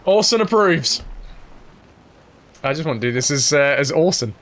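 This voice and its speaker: A man's voice: medium pitch, fast, a bit bright. A man chatting casually while streaming a role-playing game and thanking viewers.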